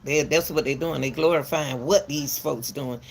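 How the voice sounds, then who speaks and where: Gravelly woman lecturing parents. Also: low-pitched, normal speed. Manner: emphatic and repetitive, lecturing parents; calls viewers "baby". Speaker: commentary channel host. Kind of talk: casual commentary to the camera.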